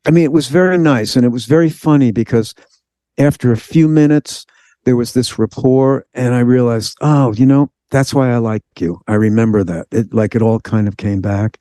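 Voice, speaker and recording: A man in an interview spins out a personal story with lively energy, slipping into the voices of the people he quotes. His voice is dark and mellow, and the sound is close and dry with no room around it. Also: medium pitch, normal speed, no echo. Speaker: guest.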